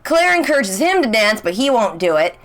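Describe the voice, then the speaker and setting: A young woman chatting casually as she recaps a TV episode. She is excitable, full of "like" and rhetorical questions. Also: on the high side, brisk. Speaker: reaction channel host.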